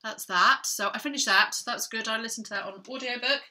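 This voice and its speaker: A woman's voice: on the high side, a little fast, bright, forceful tone. A middle-aged woman, chatting casually about her reading in a rambling, self-interrupting way. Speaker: book vlogger. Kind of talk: chatty book vlog.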